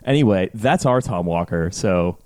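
A man's voice: low voice, lively intonation, a little mellow, dry recording, clean studio sound. A man hosting a comedy podcast, rambling and stammering in casual banter. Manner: rambling, stammering, quick to laugh. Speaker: podcast host.

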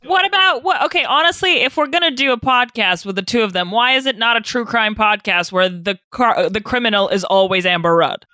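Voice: medium pitch, fairly quick, few pauses, pushed and bright, no echo. A podcast co-host joking incredulously in casual comedic chat.

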